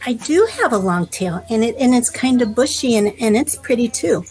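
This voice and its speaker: A woman putting on a sly, high fox. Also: expressive, normal speed, natural voice, poor audio. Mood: hurt. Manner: sly, bright and teasing. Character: sly clever male fox.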